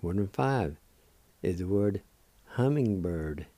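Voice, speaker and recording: An older man with a Cherokee accent teaching words slowly and deliberately as a radio language teacher, repeating each one. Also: deep voice, lively intonation, mellow, no echo. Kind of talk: slow spelled-out language lesson.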